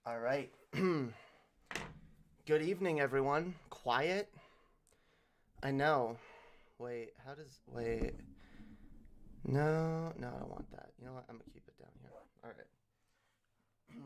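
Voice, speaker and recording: A man hosts a laid-back livestream, his speech slow and drawn out, in a voice pitched squarely in the middle. He talks in a loose, profane, slang-heavy way, tossing out "yo" constantly and joking to himself. He speaks into a new desk mic with a pop filter. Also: vocal fry, slight background noise. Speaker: livestream host. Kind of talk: casual livestream chat.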